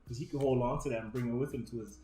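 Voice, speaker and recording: A man's voice: medium pitch, steady tone, very fast, warm tone, reverberant. A man, a guest and father, talking earnestly and emphatically in casual chat, often calling the others bro and man.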